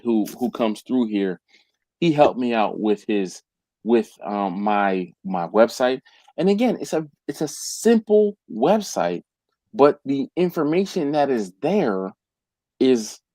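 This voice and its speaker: A man's voice: mid-range voice, no room sound. A man hosting a barbecue channel, chatting casually on a live stream and rambling with restarts. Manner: animated, rambling, with repeated restarts.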